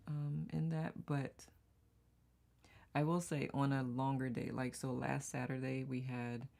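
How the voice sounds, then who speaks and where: A woman's voice: a bass voice, creaky, warm tone. A woman hosting a casual live-stream circle, chatting, reading viewer comments aloud and laughing often in rambling asides. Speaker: host of a live community circle.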